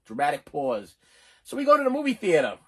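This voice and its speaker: Heavy background noise surrounds a middle-aged channel host as he tells a personal story to camera. His voice is a little high and brisk, and the casual, animated telling rambles with lots of restarts.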